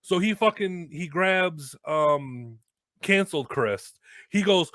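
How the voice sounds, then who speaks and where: Young guy host spinning a story, kinda high pitched, swears a lot, acts out the yelling, dry room. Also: takes it slowly, dry recording. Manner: animated, swearing, acts out quotes loudly. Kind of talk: casual storytelling chat.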